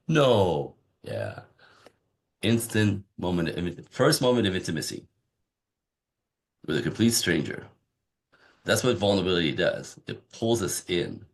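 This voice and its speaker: Very low-voiced man telling coaching stories. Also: unhurried, vocal fry, long pauses. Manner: animated storyteller acting out dialogue. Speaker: relationship coach guest. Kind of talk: conversational podcast interview.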